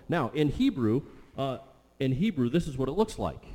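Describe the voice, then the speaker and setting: Preacher with a mellow voice in a big hall. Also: male voice, medium pitch, very animated, moderate pace. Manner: emphatic, repeats phrases for stress. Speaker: pastor. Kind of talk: sermon. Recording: long hall reverb.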